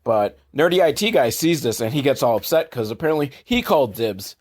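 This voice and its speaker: A man recapping a movie for comedy, sarcastic, jumping into quick put-on voices for the characters. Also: mid-range voice, sing-song, a little mellow.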